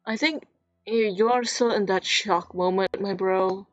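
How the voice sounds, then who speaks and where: A woman's voice: mid-range voice, a little slow, dry recording, dull audio, faint music behind. A woman playing a story game, reading its text aloud and chatting emotionally about it. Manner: casual, chatty, emotional commentary. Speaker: game streamer.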